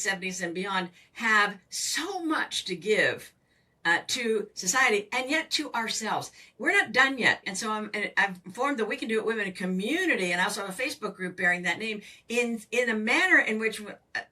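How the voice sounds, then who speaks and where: An older woman, a financial coach, explaining with emphatic, animated delivery as a podcast guest. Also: medium pitch, moderate pace. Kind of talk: podcast interview. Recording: voice distant from the mic.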